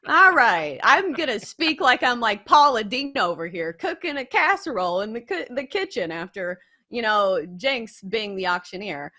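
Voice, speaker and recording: A woman's voice: a little high, very animated, moderate pace, hardly any pauses, sharp tone. A woman with a Southern accent hosting a sports betting show, chatty and self-deprecating in her picks.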